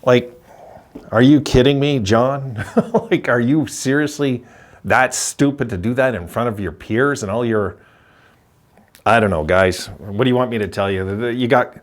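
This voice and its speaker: A man's voice: medium pitch, normal speed. Older male host, opinionated and rambling vlog delivery. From Quebec. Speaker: hockey channel host.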